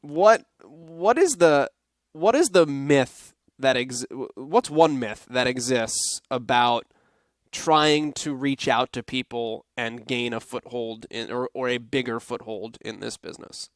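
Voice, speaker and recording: Man with a smooth, dry voice. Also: medium pitch, slow, no echo. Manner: hesitant, many fillers. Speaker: podcast host. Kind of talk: interview questions.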